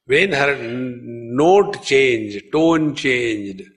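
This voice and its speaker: A man's voice: mid-range voice, expressive, extremely slow, fairly bright tone. A man with an Indian English accent giving a humorous spiritual discourse, chanting verses and telling stories. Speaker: spiritual teacher.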